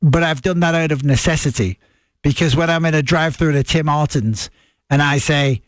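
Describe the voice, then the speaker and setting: High-voiced man. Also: brisk, no echo. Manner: chatty, with frequent restarts and asides. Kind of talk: casual explanatory talk to camera.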